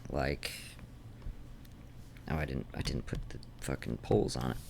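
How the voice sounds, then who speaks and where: His voice is very deep, gravelly and slightly mellow, moving at a normal speed as he rambles through a drawing stream. He loses his thread and restarts, his faint North Idaho accent leaning Canadian, while a desk mic adds a touch of hiss or hum.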